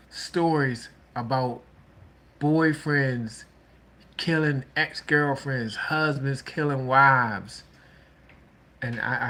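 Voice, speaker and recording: A man talks about relationships in a slow, unhurried drawl, stopping and restarting his sentences as he goes. His pitch is mid-range and his advice sounds frank and casual. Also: fairly bright tone. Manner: slow, halting, with many restarts and "you know". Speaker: relationship talk host.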